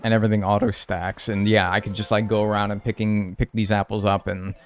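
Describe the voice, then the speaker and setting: A man's voice: fairly low pitch, level tone, brisk, a little hiss or hum. A man streaming a video game, chatting with his viewers in a loose, slangy way and saying "dude" and "like" often. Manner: laid-back, slangy, says "dude" and "like" a lot, reads and answers chat. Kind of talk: casual live-stream chat over gameplay.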